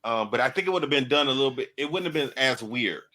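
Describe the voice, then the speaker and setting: A man's voice: medium pitch, animated, quick pace, pushed and bright. A man hosting a casual podcast who stammers and repeats words as he starts a point. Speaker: podcast host running the board. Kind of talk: casual chat.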